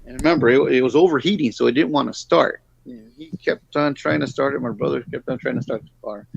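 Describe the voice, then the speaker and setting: There's slight background noise as a middle-aged man with a gravelly, medium-pitched voice talks fast. A guest storyteller, he rambles casually through a long story, animatedly acting out others' lines, on a dull lo-fi recording.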